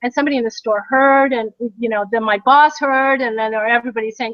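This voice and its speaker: A high-pitched middle-aged American woman tells a long story in a chatty way, laughing often. Her voice comes across dry and a little dull, like a lo-fi recording. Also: animated, fairly quick, no room sound. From United States. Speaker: podcast co-host. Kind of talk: casual chat.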